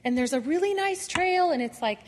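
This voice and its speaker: A woman's voice: extremely high pitch, a little fast, long reverb tail. A woman in her thirties or forties telling a funny personal story to a Bible study group, acting out her own grumbling and asides. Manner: animated, self-mocking storytelling with acted-out asides.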